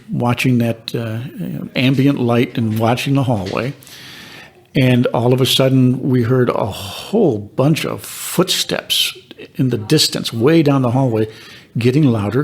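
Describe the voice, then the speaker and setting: An older man, a reverend and paranormal investigator, calmly telling ghost stories with measured pauses. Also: mid-range voice, breathy edge. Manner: calm, measured storytelling with dramatic pauses. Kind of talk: storytelling.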